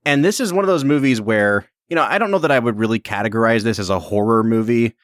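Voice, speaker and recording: A man's voice: medium pitch, fast, no echo, clean studio sound. A man in his thirties co-hosting a podcast in casual, teasing chat. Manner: joking, teasing. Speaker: podcast co-host.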